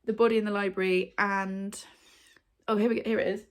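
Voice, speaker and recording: In front of her home bookshelves, a booktube host chats to camera briskly, her medium-pitched voice keeping a level tone. Her manner is bubbly and chatty, with lots of ums and likes.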